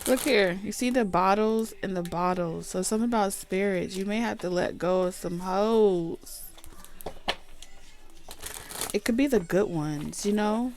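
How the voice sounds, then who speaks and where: A woman's voice: mid-range voice, normal speed, hardly any pauses, a little mellow, slight background noise. A woman giving a casual tarot reading, chatty, blunt and profane. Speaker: tarot reader.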